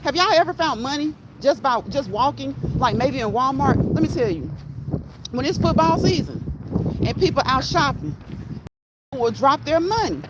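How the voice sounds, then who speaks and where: A woman chatting casually with viewers on a live-streamed walk outdoors. She talks in a folksy way into her phone mic. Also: sits high. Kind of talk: casual chat while walking outdoors, reading chat aloud. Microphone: phone microphone. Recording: phone mic with loud wind noise. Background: strong wind blowing into the mic.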